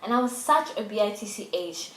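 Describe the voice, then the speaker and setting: A woman's voice: medium pitch, lively intonation, brisk. A young woman vlogger from South Africa, emotionally retelling a hard experience with emphatic repetition. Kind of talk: casual storytelling to camera. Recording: echoey room, faint music.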